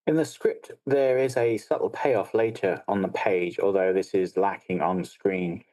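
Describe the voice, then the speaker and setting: A man's voice: deep voice, fairly even intonation, a little slow, warm tone, dry recording, rough recording. A man co-hosting a film podcast, analytical and blunt, swearing freely. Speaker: podcast co-host. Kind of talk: casual film discussion.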